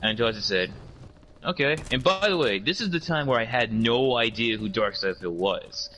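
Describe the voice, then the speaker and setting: A man in casual podcast chat, telling a story with lively energy. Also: moderate pace, a little hiss or hum. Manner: animated storyteller, mimics opponents in high squeals.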